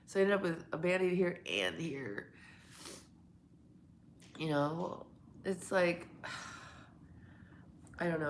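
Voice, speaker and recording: A woman's voice: low-pitched, gravelly, slight background noise. A woman live streaming a casual morning chat to her viewers. She has just woken up, her voice sounds congested as if she has a cold, and she rambles, laughs often and swears.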